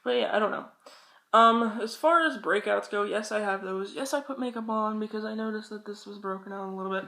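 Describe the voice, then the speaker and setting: A woman's voice: medium pitch, a little fast, bright, forceful tone, slight background noise. A young woman vlogging casual advice, rambling and chatty and swearing freely. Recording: echoey room.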